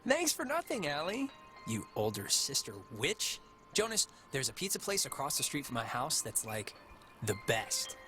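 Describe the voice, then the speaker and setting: A talkative teenage boy in a narrative video game. His voice sits high and swings wildly in pitch, with a bright, sharp edge. Soft music plays beneath him. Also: normal speed, exaggerated voice. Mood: teasing. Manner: rambling, animated, jokey.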